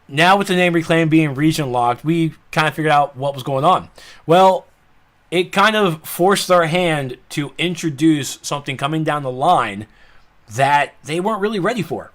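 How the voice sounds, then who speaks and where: A man's voice: fairly high pitch, animated, slow, a bit bright. A man with a Southern accent hosting a casual live-streamed podcast, rambling with laughing, apologetic asides and a slightly dry throat. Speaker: podcast host.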